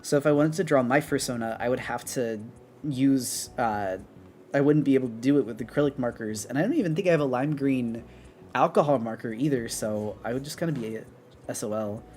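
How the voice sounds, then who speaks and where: Chatting away while she draws, an art streamer rambles with plenty of fillers and false starts. Her voice is medium-pitched, darkish, and fairly quick, with a little background noise in her upper-floor apartment.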